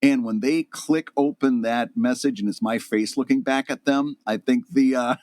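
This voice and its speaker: This podcast co-host speaks at medium pitch and normal speed, with a darkish tone and no echo. He jokes and laughs often throughout the casual chat.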